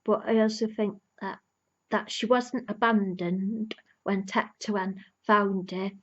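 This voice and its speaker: Brief: female TV reviewer, earnest invested fan, slow unhurried delivery, slightly dull lo-fi audio. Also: mid-range voice, steady tone. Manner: earnest, emotionally invested fan recapping the plot. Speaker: TV episode reviewer. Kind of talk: casual review vlog.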